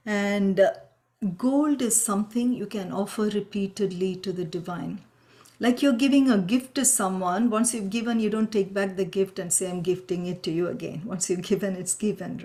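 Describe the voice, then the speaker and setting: A woman teaching the meaning of sacred names in a gentle, explaining way, sometimes chanting mantras, over a video call. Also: medium pitch.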